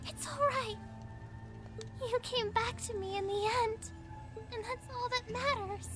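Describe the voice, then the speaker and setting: A woman's voice: very high-pitched, a little slow. A woman voicing an earnest young noble girl in a video game, emotional and devoted. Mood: pleading. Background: game music.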